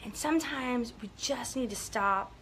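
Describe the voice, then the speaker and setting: Bubbly lady coach on a live video, high voice, calls out viewers by name. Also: normal speed, fairly bright tone, a little hiss or hum. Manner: upbeat, gushing, talks to viewers by name. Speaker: business coach.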